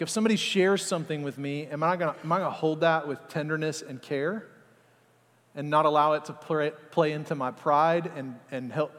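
A man preaching a sermon to a congregation, animated and acting out little scenes as he talks. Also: fairly high pitch. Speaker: pastor. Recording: long hall reverb.

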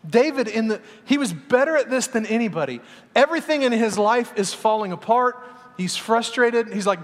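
A middle-aged man preaching a lively sermon, moving between loud exhortation and quiet asides. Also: high voice, a little fast. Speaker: pastor. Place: large church sanctuary. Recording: hall reverb in a church.

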